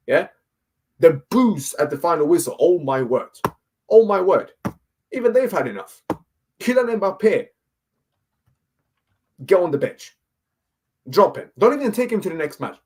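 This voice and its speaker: A man's voice: a little high, breathy edge. A man ranting as a football fan guest, repeating himself and asking "yeah?" over and over. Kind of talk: heated fan rant.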